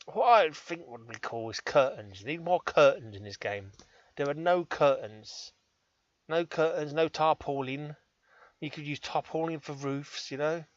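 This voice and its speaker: A man's voice: on the high side, measured pace, no echo, highs cut off. An English man rambling cheekily through gameplay commentary, joking at his own expense. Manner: cheeky, self-deprecating, chatty. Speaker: gaming channel host.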